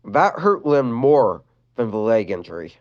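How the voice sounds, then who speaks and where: A storyteller reads a fan-written sad story aloud. The delivery is expressive, with a lively, swooping pitch and the odd stumble and restarted word. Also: measured pace, lo-fi sound.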